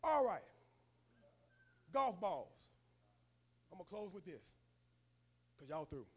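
Male preacher, high voice, colloquial, storytelling sermon. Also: very animated, takes it slowly, slightly rough.

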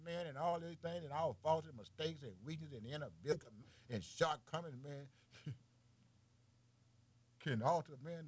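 Preaching casually in a fairly high voice, this man peppers the listener with rhetorical questions and addresses them as man, boy and baby. He laughs between phrases and shifts back and forth between loud and soft.

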